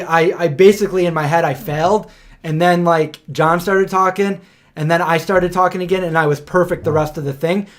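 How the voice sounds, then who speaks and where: Podcast host, male, chatty storyteller, pitched a bit high. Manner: rambling storytelling, heavy on "like". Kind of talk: casual podcast chat.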